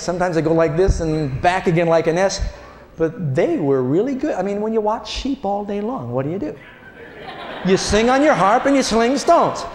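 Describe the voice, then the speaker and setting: Man, preacher, animated sermon, high voice, echoey hall. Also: a little hiss or hum. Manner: animated storytelling, acts out voices, asks the congregation.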